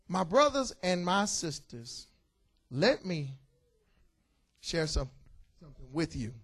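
A man's voice: fairly high pitch, takes it slowly, pauses often, slightly rough. A man preaching a sermon as pastor, joking and calling out to his congregation. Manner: lively, joking preaching with call-outs to the congregation. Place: church.

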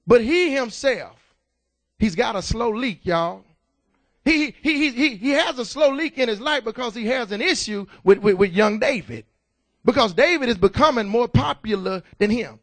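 A man's voice: very high voice, expressive, normal speed. A man preaching a sermon, stammering restarts and repeated calls of "y'all" and "amen". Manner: stammering restarts, rising to shouts.

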